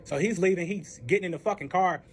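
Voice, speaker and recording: Man, casual storytime, rapid delivery, high voice, lots of swearing and filler words, acts out the dialogue. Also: slight background noise. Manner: profane, with heavy filler words; acts out both sides of the dialogue.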